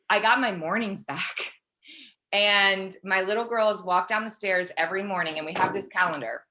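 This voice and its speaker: A woman in her thirties, a fitness coach talking fast and excitedly as a guest on a call interview. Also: mid-range voice. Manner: excited, fast-flowing, pep-talk energy.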